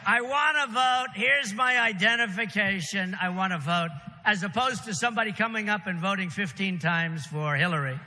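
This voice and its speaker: A man's voice: sits high, moderate pace, hardly any pauses, pushed and bright, in a large hall, slight background noise. A man delivering a rambling, repetitive campaign rally speech with punchy asides to the crowd. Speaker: political candidate. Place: large rally venue.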